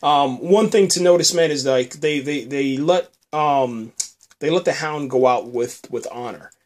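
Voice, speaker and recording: A man's voice: medium pitch, a little slow. A man hosting a podcast, recapping a TV episode in a loose, rambling way, full of fillers and repeated words. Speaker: podcast host reviewing a TV episode. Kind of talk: casual spoken review.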